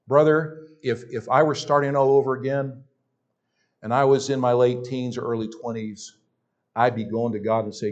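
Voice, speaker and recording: Emphatic Southern pastor preaching. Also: male voice, mid-range voice, fairly even intonation, moderate pace, a little mellow, highs cut off. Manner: emphatic, repeats phrases, stumbles on restarts. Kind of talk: sermon.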